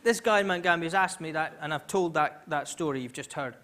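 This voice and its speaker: A man's voice: on the high side, fairly quick, fairly bright tone. A man doing stand-up comedy on a large theatre stage, telling a story animatedly and laughing along. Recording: live theatre with audience laughter.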